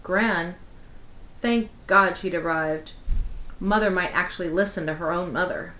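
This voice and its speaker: A woman reading the opening of a novel aloud in a measured, expressive way. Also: on the low side. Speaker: book reader. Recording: roomy, dull lo-fi home recording.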